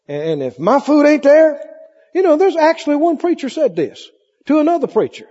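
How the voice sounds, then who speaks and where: High-voiced male preacher in a hall. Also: moderate pace. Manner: lively preaching, acts out cravings in mock voices. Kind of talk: sermon. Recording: muffled sermon tape with long hall echo.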